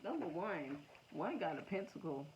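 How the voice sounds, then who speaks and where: Woman, tarot reader, gravelly low voice, slangy and profane, dull lo-fi recording. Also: moderate pace. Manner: slangy, profane, excitable, laughs often. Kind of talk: casual tarot reading to camera. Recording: dull lo-fi sound with faint noise.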